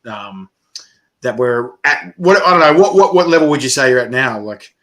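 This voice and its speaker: A man's voice: mid-range voice, animated, moderate pace, fairly bright tone. A man hosting a casual chat, telling stories animatedly with swearing and frequent laughter. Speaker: interviewer host.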